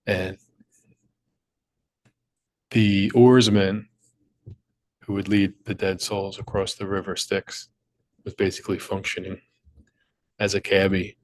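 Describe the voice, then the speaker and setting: A young man with a somewhat low voice talks through a puzzle walkthrough. He explains each step patiently and stops now and then to correct himself, like a teacher recording at his desk. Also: monotone, normal speed, rough recording. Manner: patient, explanatory, with small slips and restarts. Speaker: crossword puzzle maker and teacher. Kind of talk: screen-recorded tutorial walkthrough.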